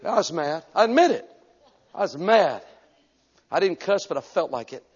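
A man preaching a sermon as an evangelist, telling a story animatedly and breaking into sudden shouts. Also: high-pitched, expressive, moderate pace, breathy edge. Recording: echoey hall, dull lo-fi sound.

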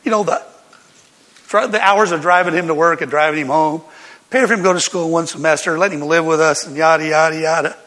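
An older man, a pastor, telling a personal story in a sermon and reading scripture, with animated laughter between lines. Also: a little high, fairly quick, in a large hall.

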